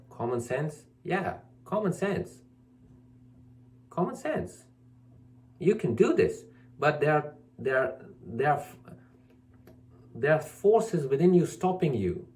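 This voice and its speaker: A man speaking as a spiritual teacher in an emphatic, scolding monologue, repeating his points and mocking excuses in a whiny voice. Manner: mocks others in a whiny high voice. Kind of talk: preachy monologue to camera.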